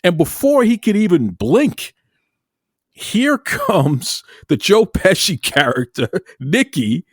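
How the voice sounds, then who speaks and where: A man's voice: sits high, takes it slowly, dry recording. Podcast guy telling a story, voice all over the place, dry close mic. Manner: animated storytelling with lots of restarts. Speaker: podcast co-host. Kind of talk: casual podcast chat.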